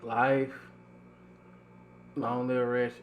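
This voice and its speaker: A man hosting a casual podcast, talking in a slow, deliberate, reflective way. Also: medium pitch, level tone, muffled recording, slight background noise. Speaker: podcast host.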